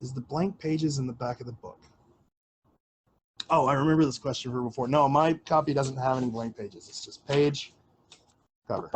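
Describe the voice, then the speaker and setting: Casual male livestream host, mid pitch, rambling and filler-heavy, faint background noise. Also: steady tone, moderate pace, long pauses. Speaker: livestream host answering questions.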